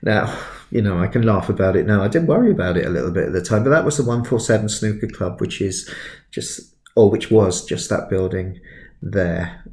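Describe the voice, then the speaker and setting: A man in his fifties giving a relaxed sketching tutorial, chatty and self-deprecating, drifting into stories as he works. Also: lowish voice, fairly quick, roomy sound. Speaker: art tutor.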